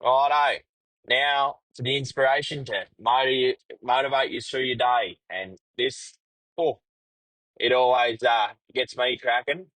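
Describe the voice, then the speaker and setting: With a mid-range, fairly bright voice at a measured pace and fairly even intonation, an Australian man in middle age hosts a podcast. The former trucker tells a casual, crude story and swears freely, on a dry, low-quality recording.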